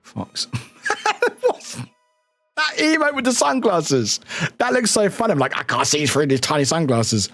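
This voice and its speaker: A man's voice: a little high, wildly swooping pitch, takes it slowly, a bit bright, faint music behind. A man streaming live, chatting casually and greeting viewers in a chaotic, giggly, self-mocking way, swearing casually.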